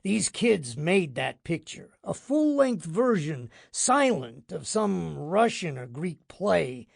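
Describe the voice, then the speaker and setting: A man voicing a loud, cranky, middle-aged male film producer with a New York accent who swears and shouts. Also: high-pitched, very animated, slow, gravelly, dry recording, studio quality, full character voice. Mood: exasperated.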